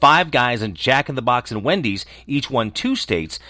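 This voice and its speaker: Man for daily entertainment news reads, expressive, dry studio sound. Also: medium pitch, normal speed, no echo. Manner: lively, lightly conversational read. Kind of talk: scripted news roundup.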